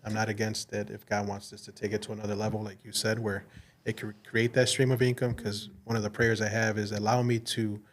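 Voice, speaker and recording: A man's voice: on the low side, little pitch movement, quick pace, slight background noise. Earnest man telling faith stories. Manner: earnest, faith-driven, speaks with restarts and fillers. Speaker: podcast guest, insurance agency owner. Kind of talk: casual interview storytelling. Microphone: studio mic.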